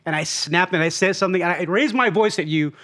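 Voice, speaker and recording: A man's voice: sits high, quick pace, fairly bright tone. A man from Long Beach, California, a guest telling a story in casual podcast talk, rambling with restarts and acting out quotes. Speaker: guest and road companion.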